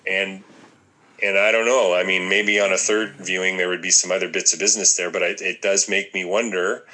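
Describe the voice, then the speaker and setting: A man in casual conversation about a film, thinking aloud with frequent pauses and restarts. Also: sits low, flat delivery, bright, forceful tone, poor audio. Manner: reflective, thinks aloud with many ums and restarts. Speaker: podcast co-host discussing a film.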